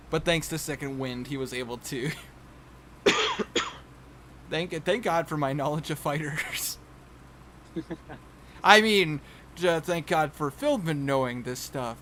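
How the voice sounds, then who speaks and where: A man's voice: fairly high pitch, a bit bright, slight background noise. A man running a tabletop game over voice chat, casual and chatty, laughing often and restarting his sentences. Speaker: game master.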